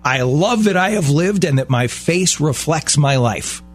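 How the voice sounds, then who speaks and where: Animated, emphatic man co-hosting. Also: fairly high pitch, a little slow, breathy edge. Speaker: radio co-host. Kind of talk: casual chat.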